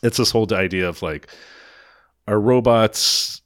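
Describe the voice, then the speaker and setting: Low-voiced man rambling through a film recap. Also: unhurried, dry recording, clean studio sound. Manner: rambling, profane, loose recap. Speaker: podcast host recapping a film. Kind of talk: casual chat.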